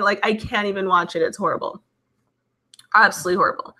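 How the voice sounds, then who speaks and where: A woman's voice: medium pitch, fairly even intonation, fast, sharp tone. A woman in her thirties, hosting a live stream, reads chat messages and chats casually in a giggly, emotional way. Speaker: livestream host reading chat.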